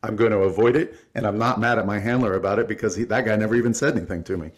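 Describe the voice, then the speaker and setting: A man's voice: on the low side, fairly even intonation, very fast. A man hosting a casual podcast interview, explaining with analogies and frank, profane talk. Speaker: podcast host.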